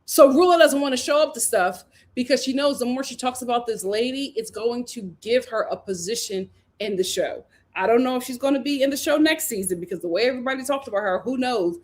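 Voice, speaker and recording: A high-leaning, expressive woman's voice moves fairly quickly, with hardly any pauses. She's the host of a casual reality TV recap, chatty and opinionated, laughing often as she speaks and dropping "like" and "you know" throughout.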